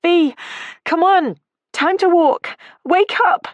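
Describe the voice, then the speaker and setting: A woman's voice: very high-pitched, slow pace, no echo, dull audio, voice pushed up. Ellie, a woman doing a panicked young heroine. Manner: urgent, breathless shouting.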